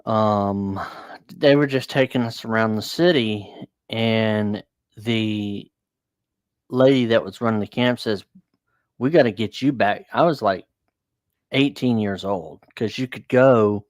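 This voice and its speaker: A man's voice: fairly low pitch, slow, no room sound, clean studio sound. A man hosting a casual chat, telling a long personal story in a rambling, blunt way with fillers and swearing.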